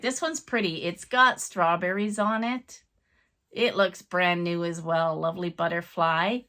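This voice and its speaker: A woman with a bright, forward voice and a lilting Irish-tinged Canadian accent. She talks in an easy, homely way, unhurried and full of little fillers as she walks through her finds. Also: mid-range voice. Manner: chatty and homely, reads lists aloud with fillers. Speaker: vlogger showing auction finds. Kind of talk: casual show-and-tell.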